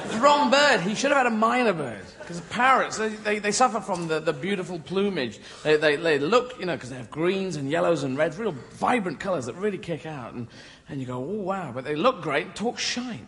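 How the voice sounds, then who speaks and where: A man's voice: sits high, expressive, a little fast, crowd noise. A man doing stand-up comedy. He rambles through surreal tangents, keeps losing his thread and laughs at his own jokes. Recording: live stand-up with loud background noise.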